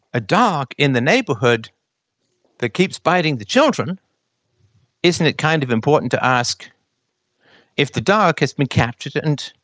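A man giving a casual monologue, animated and argumentative, posing rhetorical questions. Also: mid-range voice, no room sound, clean studio sound. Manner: animated, acts out other people's voices in quotes.

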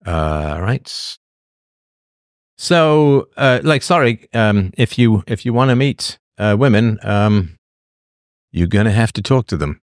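A man's voice: fairly low pitch, expressive, slow pace, no room sound, studio quality. A man hosting a show, talking casually in a rambling monologue and answering the chat. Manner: rambling, with acted voices and asides.

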